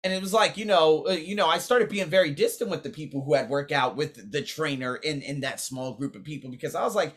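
A young man telling a casual, profane story about friends, animated and quoting people in raised voices. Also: a little high, fairly quick, few pauses, breathy edge. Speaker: vlogger.

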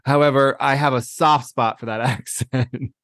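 Male podcast co-host, mid pitch, giggly and teasing, dry room sound. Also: steady tone, normal speed, a bit bright, no room sound. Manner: laughs often, playful teasing. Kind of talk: casual reality TV chat.

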